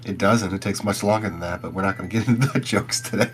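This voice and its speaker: A man's voice: lowish voice, fast, slight background noise. A man game master chatting casually on a live stream, joking with dry asides.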